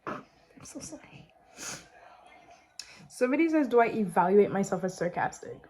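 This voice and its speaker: A woman's voice: medium pitch, sing-song, moderate pace, mellow. Chatty sarcastic young woman vlogging. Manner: chatty, sarcastic, filler-heavy with lots of "like". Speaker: beauty vlogger. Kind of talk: casual get-ready-with-me chat.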